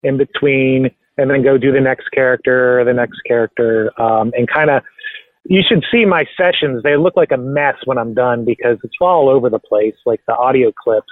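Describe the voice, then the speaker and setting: A man answering interview questions about making his audio series, relaxed and rambling with many fillers. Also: medium pitch, moderate pace, no echo. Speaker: podcast creator and voice actor. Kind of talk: casual interview talk. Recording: tinny phone-like line, dry.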